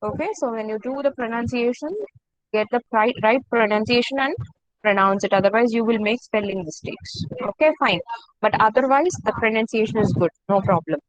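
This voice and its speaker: A woman teaching an online class, slowly repeating each word for her students. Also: fairly high pitch, dry recording, muffled recording. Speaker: French teacher.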